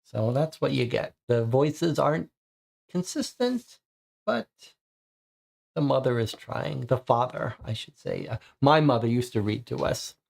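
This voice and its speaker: A man's voice: medium pitch, expressive, measured pace, vocal fry, darkish tone. A man casually commenting as he plays a mystery game, thinking aloud and reading its text to viewers. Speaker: game streamer.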